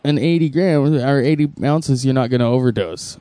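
An easygoing man chats casually and mostly agrees with his friend. His voice is recorded dry and close, at a middling pitch. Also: normal speed, mellow, no echo. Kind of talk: casual chat.

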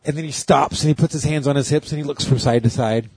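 A man's voice: mid-range voice, steady tone, fast talker, a little mellow, slightly rough, dry recording. A man who does stand-up comedy, telling a rambling story in casual chat and laughing along.

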